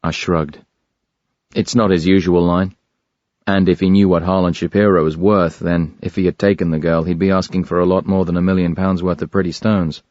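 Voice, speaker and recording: A male audiobook narrator with a low voice and a measured, even first-person delivery. The sound is dry and close, slightly dull in tone. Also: no echo.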